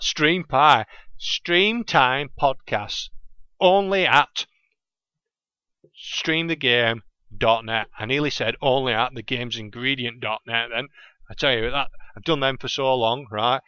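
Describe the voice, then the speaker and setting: Podcast host, Lancashire man, bright clear voice, chatty and rambling, lo-fi dry home recording. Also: mid-range voice, no echo. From England. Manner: chatty, self-interrupting, loses his train of thought. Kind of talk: casual rambling monologue.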